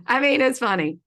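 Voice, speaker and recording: Woman, online class teacher, crisp bright tone, loose and laughing. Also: medium pitch. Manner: chatty and playful, laughs often, says y'all. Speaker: feng shui consultant teaching an online class. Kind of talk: casual online presentation. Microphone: video call.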